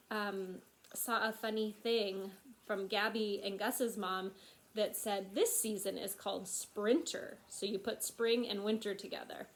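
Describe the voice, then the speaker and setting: A woman teacher reading a picture book aloud to young children, expressive and full of questions to them. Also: mid-range voice.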